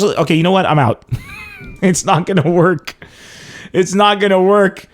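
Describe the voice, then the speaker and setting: An excitable man hosting a livestreamed comedy podcast. His voice sits fairly high for a man. He chats loosely with callers and viewers, laughs often and reads comments out as he goes. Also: moderate pace, pauses often. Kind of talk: casual livestream chat with callers and chat.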